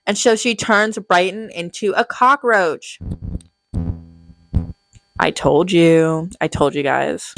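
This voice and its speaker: A woman's voice: low-pitched, fairly bright tone, no echo. Snarky young woman recapping a movie. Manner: snarky, sarcastic, profane. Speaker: movie commentary youtuber. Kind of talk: casual comedic movie recap.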